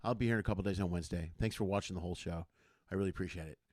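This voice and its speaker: A man hosting a show, giving somber closing remarks in a halting, soft-spoken way. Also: sits low, no room sound, studio quality. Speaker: show host.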